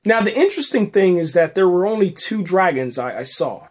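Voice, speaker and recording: A man with a slightly high voice talks through a TV episode in a casual podcast recap. He stops and restarts often and keeps tagging "man" onto his lines. The delivery is loose and unscripted. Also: expressive. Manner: halting, many restarts, says "man" often. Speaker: podcast host reviewing a TV episode. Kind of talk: casual spoken review.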